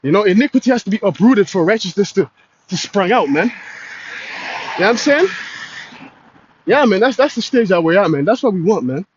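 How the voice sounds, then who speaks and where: A man's voice: high voice, lively intonation, quick pace, slight background noise. A man preaching in a casual street style, slangy and full of "man" and "you know". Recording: dull lo-fi recording.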